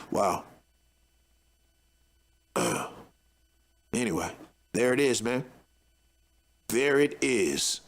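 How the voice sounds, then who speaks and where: A man's voice: mid-range voice, lively intonation, drawn-out words, long pauses. A man hosting a stream, reading aloud and reacting with slangy, muttered asides in casual commentary. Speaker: streamer host.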